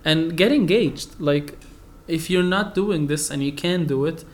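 A man's voice: fairly high pitch, a little slow. Encouraging man, podcast co-host. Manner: encouraging, upbeat advice. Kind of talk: casual chat.

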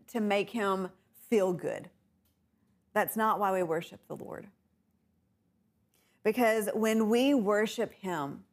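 A woman teaching a bible class, unhurried and often laughing with her students. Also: mid-range voice. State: tickle in throat, coughing.

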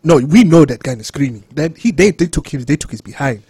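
A young man, joking loudly and then dropping low as a podcast co-host. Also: brisk, slightly rough, no room sound, clean studio sound. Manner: animated, joking, swings loud and soft. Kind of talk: casual podcast chat.

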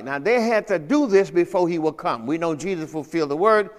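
A man with a notably high voice delivers a sermon, pressing each point with emphasis and frequent questions to his listeners. His voice rings out with a long reverb, as in a church hall. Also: animated, brisk, few pauses. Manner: emphatic, repeatedly checks understanding with questions. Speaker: pastor. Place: church service.

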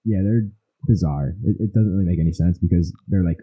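A man's voice: sits low, fairly quick, husky, narrow, tinny audio. A young man co-hosting a podcast in casual chat, rambling through stories and acting out his own reactions. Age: young adult. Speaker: podcast co-host.

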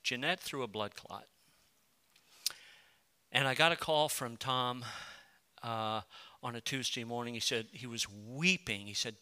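A middle-aged man delivers a sermon, his very bright tone carrying both pleading prayer and softly told stories. His voice is smooth and clean throughout. He sounds like a pastor speaking to his congregation. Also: mid-range voice, a little slow, pauses often, big-room sound. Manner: impassioned prayer-like pleading, then quiet storytelling.

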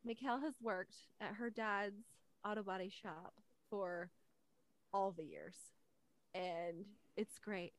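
A woman's voice: mid-range voice, dry recording. A woman hosting a podcast, telling chatty family stories and laughing often. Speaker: podcast host. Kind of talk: casual chat.

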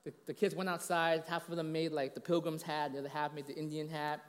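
Chatty pastor in a reverberant hall. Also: male voice, little pitch movement, fast talker. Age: late 30s. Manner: casual, chatty, heavy on fillers and 'you know', 'right?'; acts out quoted voices with big pitch jumps. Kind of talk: conversational sermon storytelling. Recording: long reverb of a large hall.

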